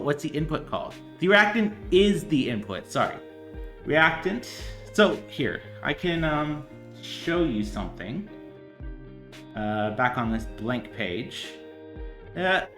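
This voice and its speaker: A man's voice: mid-range voice, fairly bright tone. Man, casual livestream chemistry lesson, rambling and hesitant, roomy echo, faint guitar music behind. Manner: rambling, hesitant with many fillers, chatty asides. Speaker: streamer tutoring chemistry.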